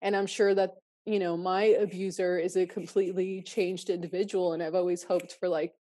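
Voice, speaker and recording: A woman's voice: on the low side, little pitch movement, moderate pace, mellow. A woman hosting a podcast, emotional and effusive, swearing freely as she speaks candidly. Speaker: podcast host. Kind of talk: candid personal conversation.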